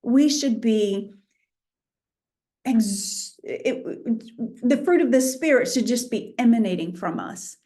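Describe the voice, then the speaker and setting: With a New England accent and a slow, somewhat high voice, a middle-aged woman gives an animated, informal Bible lesson, performing imagined voices as she goes.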